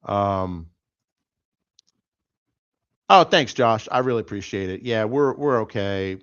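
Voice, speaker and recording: A middle-aged man, still sore after an accident, hosting a show and telling a rambling, animated story with lots of fillers. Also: fairly low pitch, slow, clear, resonant tone, no echo, dull audio. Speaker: host. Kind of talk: casual chat.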